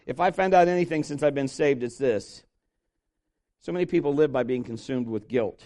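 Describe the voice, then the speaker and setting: High-voiced man preaching with lively storytelling. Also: normal speed. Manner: animated storytelling, acting out quoted voices. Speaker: pastor. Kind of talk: sermon.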